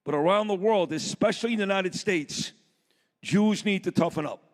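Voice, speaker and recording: A man with a notably high voice speaks bluntly and with fire to a summit audience. His talk is plain and punchy, rallying the room. Long reverb of a big conference hall trails each line. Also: moderate pace. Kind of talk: impassioned speech to a live audience.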